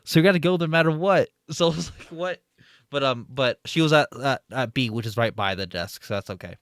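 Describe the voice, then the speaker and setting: A man's voice: medium pitch, fast talker, a bit bright, dry recording, studio quality. A man casually telling a long story from his retail job, with lots of fillers and restarts. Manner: rambling, many fillers and restarts. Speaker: streamer.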